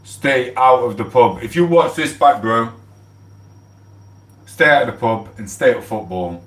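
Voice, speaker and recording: A man's voice: mid-range voice, animated, unhurried, far from the mic. Rambling man on a livestream. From England. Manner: rambling, swears freely, shouts out to viewers. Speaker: livestream host. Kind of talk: casual livestream chat. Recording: echoey room, off the mic.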